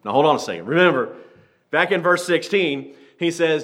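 A man preaching a sermon, reading scripture slowly and then retelling it in lively everyday speech, acting out the characters. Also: on the high side. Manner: switches from slow King James reading to lively paraphrase.

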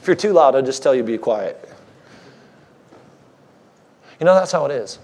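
A man's voice: mid-range voice, expressive, quick pace, a little mellow. A man preaching a sermon as a guest speaker, conversational and joking with the congregation, married fifteen years.

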